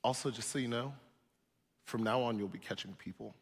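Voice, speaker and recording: A man voicing Jesus as a gentle, calm, reassuring man, speaking softly and low. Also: a little fast, slightly rough, big-room sound. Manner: soft, low and hushed.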